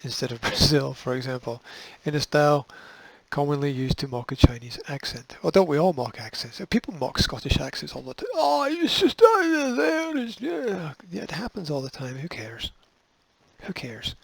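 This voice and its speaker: A man's voice: medium pitch, moderate pace, vocal fry, slightly rough, dry recording, poor audio. A man hosting a show, reading news items aloud and breaking off with sarcastic, dismissive asides. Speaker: host.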